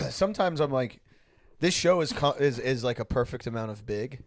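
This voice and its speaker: A man's voice: medium pitch, animated, normal speed, creaky, a little hiss or hum. A man hosting a casual comedy podcast, telling rambling stories and laughing often. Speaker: podcast host.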